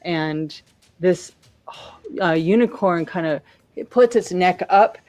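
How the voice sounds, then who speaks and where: A woman's voice: on the low side, slow pace, a little mellow. A woman narrating a tabletop game as game master, loose and filler-heavy.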